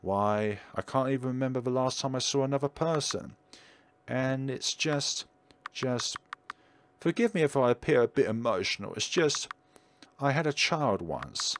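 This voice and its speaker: Casting: a man doing a gentle, wistful forest witch for a game, lonely and motherly, with a lively, swooping delivery. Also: mid-range voice, normal speed, slight background noise, close to an everyday voice. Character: lonely motherly woman witch living in woods. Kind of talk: reading game dialogue aloud.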